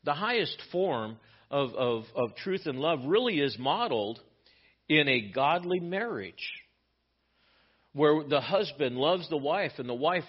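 A man's voice: fairly high pitch, sing-song, unhurried, husky. Man preaching a sermon, dull lo-fi sound. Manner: explanatory Bible teaching with frequent restarts. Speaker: pastor.

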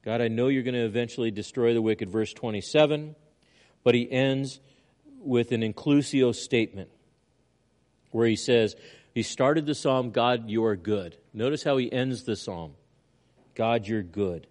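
Older man preaching with swings in loudness. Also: mid-range voice, moderate pace. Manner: earnest preaching that swings from loud emphasis to quiet asides. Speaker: pastor. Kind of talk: sermon.

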